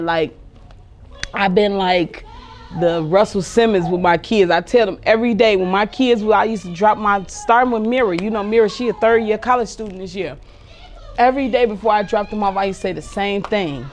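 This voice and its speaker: A woman in her forties hosting a podcast, talking casually about raising kids with a sarcastic, animated way of telling stories. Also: medium pitch, normal speed. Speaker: podcast host.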